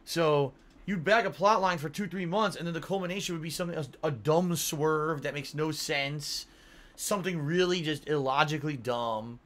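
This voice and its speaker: Man, home streamer, casual rambling chat to chat, bright forceful tone, a little tired. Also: fairly high pitch, moderate pace. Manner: rambling, swears casually, reads donor messages aloud. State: yawning, tired.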